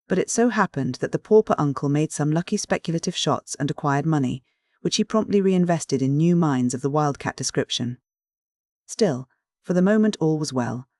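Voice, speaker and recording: An audiobook narrator reading a classic mystery in a clear, measured literary style. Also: medium pitch, darkish tone, dry recording, studio quality.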